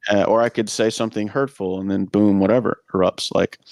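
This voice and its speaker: Low-voiced man musing in casual chat. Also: steady tone, fairly quick, gravelly, a little mellow, dry recording, studio quality. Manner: thoughtful, musing, with many fillers. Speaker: podcast co-host. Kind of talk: casual discussion.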